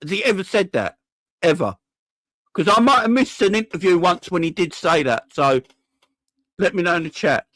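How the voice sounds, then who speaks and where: Guy ranting about football on a live stream, sweary, bit high voice, dry sound. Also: animated, normal speed, long pauses, fairly bright tone, dry recording. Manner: heated, sweary, addresses the chat. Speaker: fan channel host.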